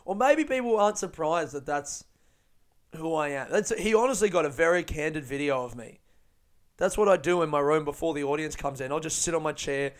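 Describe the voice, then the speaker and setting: A man hosting a podcast, telling stories in an animated, sweary way and laughing often. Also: fairly high pitch, a little fast. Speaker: podcast host and stand-up comedian. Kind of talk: casual podcast monologue.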